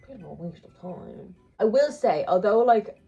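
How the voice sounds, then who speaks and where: A woman's voice: mid-range voice, lively intonation, moderate pace, vocal fry, warm tone, breathy edge. A young woman chatting casually on a reading vlog, rambling with lots of "like" fillers and restarts. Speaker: book vlogger. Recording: slightly dull lo-fi sound with faint music. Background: faint background music.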